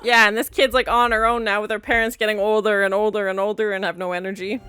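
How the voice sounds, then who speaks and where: A woman's voice: mid-range voice, little pitch movement, fast, sharp tone, clean tone, dry recording. A woman hosting a reaction video, chatting casually and laughing as she comments on an old TV episode. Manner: chatty, laughing, playful asides. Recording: music from the show playing behind.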